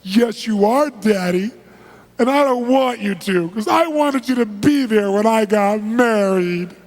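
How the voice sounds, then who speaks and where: A man's voice: high-pitched, a little slow, long reverb tail, pitched above the performer's own voice. A man putting on a crying little girl's pleading voice. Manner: pleading, tearful. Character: crying five-year-old girl pleading with her dad.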